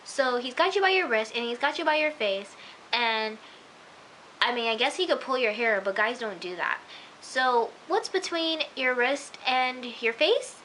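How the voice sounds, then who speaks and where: Bright-voiced gushing woman reviewer. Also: on the high side, expressive, measured pace, slight background noise, poor audio. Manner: gushing, exclamatory, full of filler words; drops to hushed asides. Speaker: TV episode reviewer. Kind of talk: casual chatty review.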